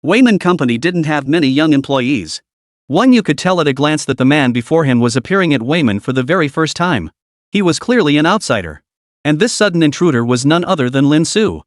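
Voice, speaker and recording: Lively male story narrator. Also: on the high side, fairly quick, dry recording, studio quality. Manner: dramatic, steady storytelling.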